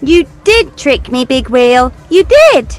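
Cheeky little girl, played by a woman: high, bouncy, teasing, sing-song delivery for a kids' story. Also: big pitch swings, slow, soft background music, heavily acted. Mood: playful. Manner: bright, sing-song and playful. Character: cheeky young girl who teases machines. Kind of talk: children's audio story acting.

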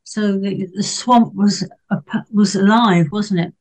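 A woman's voice: medium pitch, steady tone, a little slow, darkish tone, rough recording. Chatty woman book club panelist. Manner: chatty, hesitant with many fillers and restarts. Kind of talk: casual discussion.

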